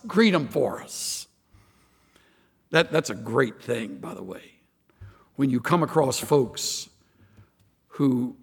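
Gravelly folksy preacher man in a hall. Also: on the high side. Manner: folksy and joking, with laughs. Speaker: pastor. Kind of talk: conversational sermon.

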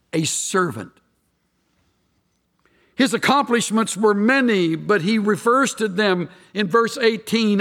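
Male pastor, high-pitched, emphatic sermon delivery with rhetorical questions, long hall reverb. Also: a bit bright.

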